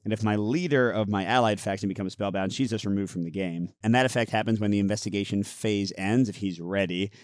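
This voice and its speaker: A man hosting a casual playthrough and review of a card game, explaining the rules in a relaxed way. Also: on the low side, quick pace, hardly any pauses, clear, resonant tone, dry recording, studio quality. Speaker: host.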